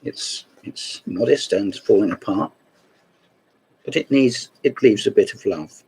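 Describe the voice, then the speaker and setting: A man's voice: fairly low pitch, measured pace, a little mellow, husky, low-quality recording. A man hosting a casual show-and-tell video series, talking in a rambling way with wry asides. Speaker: host of a chess book video series.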